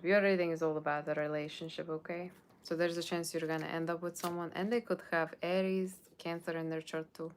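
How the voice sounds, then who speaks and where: Woman, low voice, live tarot reading, chatty and rambling, reads chat comments aloud, playful put-on Halloween voice. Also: a little hiss or hum. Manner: puts on a playful Halloween character voice; loose, rambling delivery with frequent "okay?" and "like". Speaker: tarot reader.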